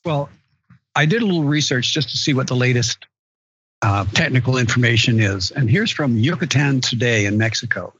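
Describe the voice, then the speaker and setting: A man talks casually as co-host of a travel show. He tells stories in an even, unhurried way. His voice is husky and the recording sounds muffled. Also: mid-range voice. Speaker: podcast co-host. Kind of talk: casual panel chat.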